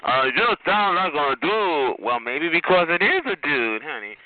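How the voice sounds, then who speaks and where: With a highish, animated voice at a normal pace, this man runs a phone chat line and teases a caller mercilessly, camping it up and calling him honey and child. The sassy roast comes through a tinny connection with hiss.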